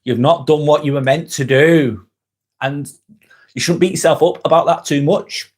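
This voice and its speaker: A man with a fairly high speaking voice hosts a live motivational chat and answers viewer comments as they come in. He talks bluntly and casually, swears freely and hammers his points home through repetition. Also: steady tone, normal speed, husky. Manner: talks while eating a snack. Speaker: live vlog host.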